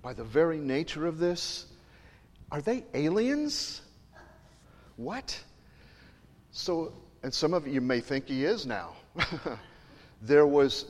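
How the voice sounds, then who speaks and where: A male pastor preaches to his congregation in a loose, chatty way, wandering off on tangents and tossing questions to the pews. His voice sits at an ordinary pitch and carries a long reverb from the large sanctuary. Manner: conversational, digressive, joking with the congregation. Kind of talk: sermon.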